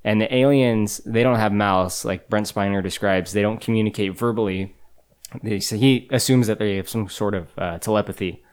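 Smooth, low-voiced male host; relaxed, wry podcast banter. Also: normal speed. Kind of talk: casual movie podcast chat.

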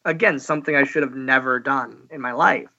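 Bright-voiced man telling wrestling-start stories. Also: mid-range voice, creaky, muffled recording. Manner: halting, lots of fillers and restarts, chuckles. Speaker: guest, professional wrestler. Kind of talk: casual storytelling interview.

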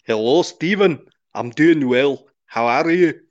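A man's voice: a little high, unhurried, no room sound, highs cut off, lightly acted. A man calling in to a casual chat, talking in a put-on Scottish accent, playful and mock-formal. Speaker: caller.

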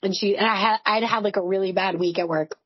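A woman's voice: mid-range voice, fairly even intonation, fast, husky, no echo, lo-fi sound. A woman in her forties, a podcast co-host, telling candid stories in casual chat, full of "like" and swearing. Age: 40s. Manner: candid, swearing, storytelling with lots of "like".

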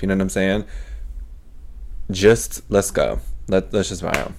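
A young man hosting a podcast, telling a story as a casual, animated rant full of profanity. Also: low voice, a little slow, pauses often. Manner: profane, animated, swears constantly. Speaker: podcast host.

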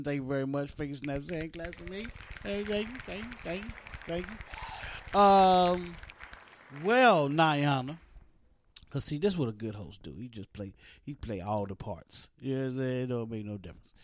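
Male podcast host, playful and slangy, lively pitch, dry close sound. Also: moderate pace, no room sound. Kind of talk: casual solo podcast chat.

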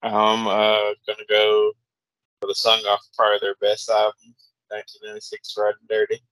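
Relaxed man with hesitant delivery. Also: on the low side, normal speed, dry recording, low-quality recording. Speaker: podcast co-host. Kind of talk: casual podcast chat.

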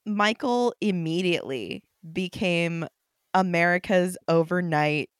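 Podcast host, woman, lowish voice, casual storyteller, dry studio sound. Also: a little slow, clean tone, no room sound. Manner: chatty, relaxed retelling with fillers.

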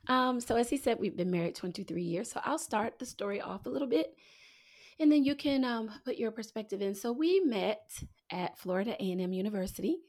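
A woman's voice: a little high, lively intonation, fairly quick, darkish tone. A woman in her forties hosting a podcast, chatting casually and playfully teasing her guest. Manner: playful teasing, laughing often. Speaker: podcast host.

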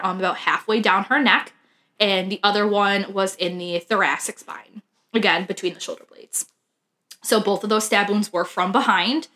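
Bright chatty woman doing a true crime podcast, lots of ums and likes. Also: mid-range voice. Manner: chatty, laughs often, fillers like "um" and "like". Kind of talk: casual true crime chat.

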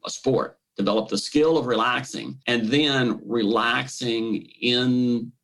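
A man with a gravelly, creaky voice and a middle pitch explains therapy as a guest in an interview. He talks in an animated way and acts out the brain's voice in quotes. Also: slow, rough recording.

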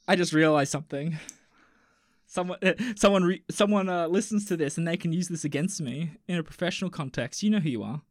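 A man in his thirties co-hosting a podcast in casual, joking chat, swinging between loud bursts and mumbles. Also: fairly high pitch, a little fast, no echo, studio quality. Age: 30s. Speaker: podcast co-host.

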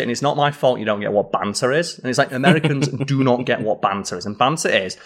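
A man, co-hosting a casual podcast chat and explaining slang with playful acted examples. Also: medium pitch. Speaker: podcast co-host.

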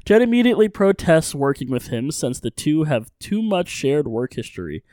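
A man co-hosting a podcast, chatting casually and recapping an episode in a relaxed, agreeable way. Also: on the high side, normal speed, no echo, studio quality. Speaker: podcast co-host.

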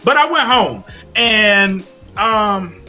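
Animated, swearing man ranting. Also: high-pitched, extremely slow, faint music behind. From Louisiana. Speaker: podcast host. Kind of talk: casual chat.

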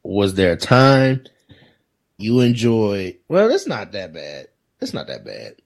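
A man's voice: fairly low pitch, wildly swooping pitch, takes it slowly, gravelly. A man co-hosting a podcast in casual chat who laughs often, exclaims and repeats himself while asking questions. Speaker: podcast co-host.

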